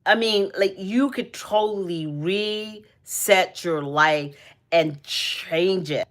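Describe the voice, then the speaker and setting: A woman's voice: on the low side, slow pace. A young woman hosting a casual livestream, talking about energy and purpose, emotional and rambling with many restarts. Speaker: livestream host.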